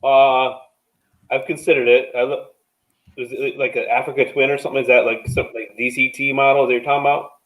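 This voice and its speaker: A man speaking as a guest in a casual chat, relaxed and thinking aloud. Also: mid-range voice, a little fast, low-quality recording.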